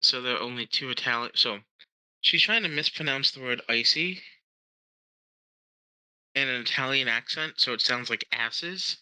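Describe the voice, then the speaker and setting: A man's voice: mid-range voice, moderate pace, long pauses, bright, forceful tone, clean tone, rough recording. Blunt East Coast American guy gaming. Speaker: co-streamer. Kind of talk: casual gaming chat.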